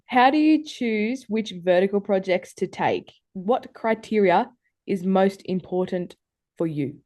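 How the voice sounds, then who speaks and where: A woman hosts a casual podcast interview, putting her questions to a guest plainly and easily. Her voice sits at a middle pitch, recorded close and dry with no room echo. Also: expressive, unhurried, darkish tone. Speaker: podcast host.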